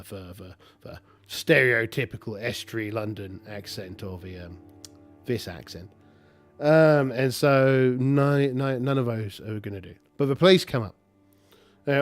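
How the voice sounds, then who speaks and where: A man narrating a solo tabletop game, talking in a halting, rambling way with many restarts. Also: mid-range voice.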